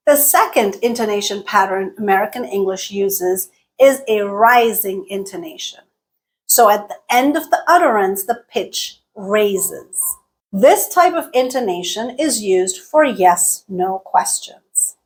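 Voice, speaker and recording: A woman teaching a lesson, speaking clearly and deliberately and exaggerating pitch in her example sentences. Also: expressive. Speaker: English teacher. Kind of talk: explanatory lesson with spoken examples.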